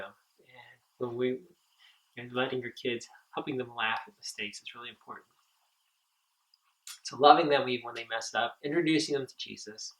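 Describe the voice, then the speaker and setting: A man giving a training talk to camp counselors, earnest and halting, with frequent ums and restarts. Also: medium pitch, recorded from a distance, rough recording. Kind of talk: instructional talk.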